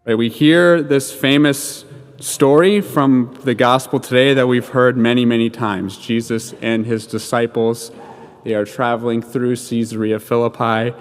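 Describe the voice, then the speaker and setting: A man's voice: medium pitch, fairly even intonation, unhurried, clear, resonant tone. A man giving a homily in a church, telling a personal story in a casual, conversational way with many "like" fillers and chuckling at himself. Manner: chuckles at his own story. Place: church sanctuary. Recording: long church-hall reverb.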